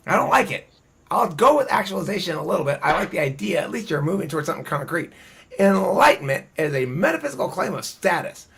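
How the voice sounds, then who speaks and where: A man hosting a casual group discussion, talking bluntly and profanely in an animated, ranting way. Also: high-pitched, fast talker, creaky. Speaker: host.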